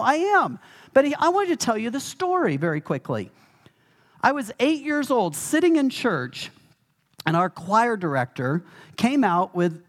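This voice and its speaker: Animated male preacher with lively pitch. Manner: animated, emphatic preaching with humor. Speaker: pastor. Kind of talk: sermon.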